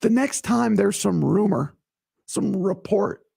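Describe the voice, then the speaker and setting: A podcast host talks casually on his own, his high-sitting voice slow, raspy and gravelly, strained as it recovers. When he gets worked up he turns animated and emphatic, repeating himself.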